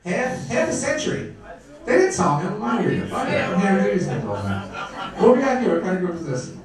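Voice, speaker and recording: Over music, a high, very animated voice moves at a fairly quick clip: a middle-aged stand-up from Brooklyn, New York, brash and wisecracking as he works the comedy club crowd. The audio is echoey and distant.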